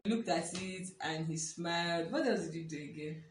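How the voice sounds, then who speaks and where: A young woman telling a personal story in casual chat, animated and laughing often as she acts out what people said. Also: fairly low pitch, moderate pace, loud music behind the voice. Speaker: vlogger. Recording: echoey room, a bit far from the mic.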